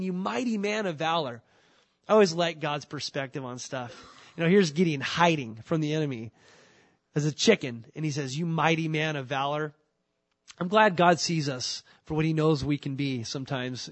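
A man preaching a sermon, chatty and animated, tossing rhetorical questions to his listeners. His voice sits a little higher than most men's. The sound is dry and close, with hardly any room around it. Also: no room sound. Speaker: pastor.

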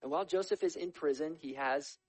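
A man preaching a sermon as a lively storyteller, with humorous asides. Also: a little high, brisk, a little hiss or hum, poor audio. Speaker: pastor.

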